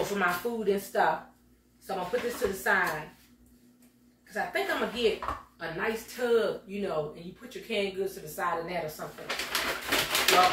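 A middle-aged woman vlogs casually in her kitchen, addressing her viewers directly in a folksy lifestyle chat. Her medium-pitched voice is a bit bright, captured from afar in an echoey room with a little hiss or hum.

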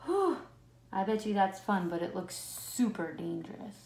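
A woman teacher reading a picture book aloud to children in a classroom, talking slowly and expressively and stopping to ask the kids questions. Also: mid-range voice, a little hiss or hum. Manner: slow, expressive, chats with the listening kids. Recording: roomy echo.

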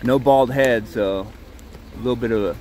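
A man's voice: mid-range voice, moderate pace, a little mellow, slight background noise. A man talking from inside his parked truck into a handheld phone, telling a heated, rambling story and swearing often. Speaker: vlogger filming a confrontation. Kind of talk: agitated first-person recounting.

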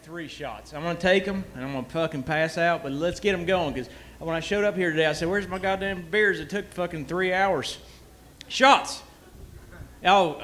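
A man's voice: sits high, a bit bright, slight background noise. A man talking on a comedy roast stage, rowdy, crude and boastful, swearing constantly into a handheld mic. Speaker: guest fighter at a comedy roast. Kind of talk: profane improvised stage banter. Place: comedy club stage with live audience.

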